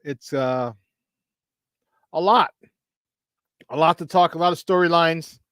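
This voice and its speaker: Male morning sports talk host, hypey, slightly high voice. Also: slow, clear, resonant tone, no echo. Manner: animated, hypey, laughs often.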